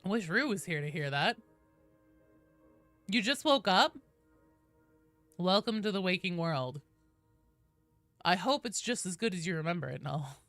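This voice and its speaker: A woman streaming a game, chatting casually with viewers, greeting them loudly and swearing freely. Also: lowish voice, lively intonation, measured pace, long pauses, no echo, soft background music.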